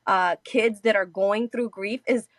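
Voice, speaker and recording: A woman's voice: mid-range voice, steady tone, measured pace, no room sound. A woman speaking as a guest from a grief support nonprofit, talking in an earnest conversational way and often asking "right?". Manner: warm, earnest, often adds "right?" and "you know". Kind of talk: conversational interview.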